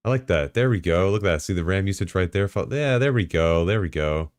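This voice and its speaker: A man live-streaming, talking casually to himself and his chat while setting up software, swearing and bursting into excited outbursts. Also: deep voice, a little fast, dry recording, studio quality.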